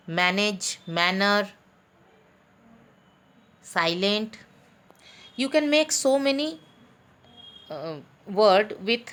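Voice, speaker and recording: A woman teaching an online class for young pupils, talking deliberately, spelling out letters and pausing with fillers. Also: mid-range voice. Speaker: school teacher.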